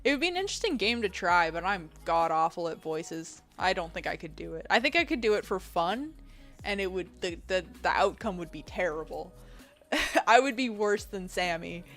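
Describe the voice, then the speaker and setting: A woman game streamer with a fairly deep voice, chatting casually with her live audience. She reads out chat messages, answers them and laughs often. Faint music plays behind her. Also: very animated, normal speed, a bit bright. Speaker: game streamer and video editor.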